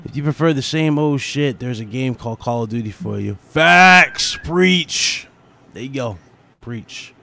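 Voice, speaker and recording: A man's voice: medium pitch, moderate pace, vocal fry, slight background noise. A man hosting a casual gaming podcast, brash and profane, laughing often. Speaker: gaming channel host.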